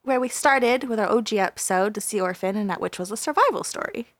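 Woman, podcast co-host, giggly, gushing, casual chat, middle pitch, dry close sound. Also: fast talker, dry recording.

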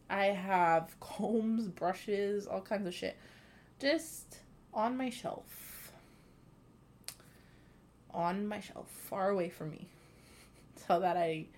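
A woman's voice: mid-range voice, slight background noise. Rambling young woman podcaster. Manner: rambling, lots of "like" fillers, casual swearing. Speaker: podcast host. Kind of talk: casual solo podcast monologue.

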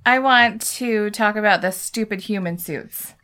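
A woman co-hosting a podcast at a middle pitch. She talks in crude, joking banter with her friend. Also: measured pace, pushed and bright. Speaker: podcast co-host. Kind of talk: casual podcast chat.

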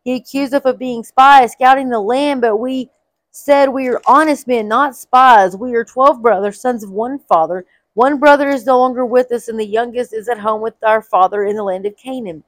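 A woman's voice: a little high, moderate pace, no echo, pitched above the performer's own voice, close to an everyday voice, rough recording. A woman voicing a group of frightened grown brothers who speak anxiously and explain themselves, as she reads a Bible story aloud.

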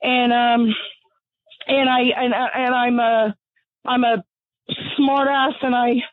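An angry, blunt caller, a middle-aged woman breathless from pacing, talks with a radio show on a tinny phone line. Her fairly high voice is flat and slow, and the recording is dry.

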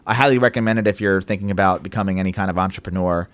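Low and rapid-fire, this man co-hosts a podcast with no echo on the track. He chats loosely, swears offhand, and acts out stories from his job.

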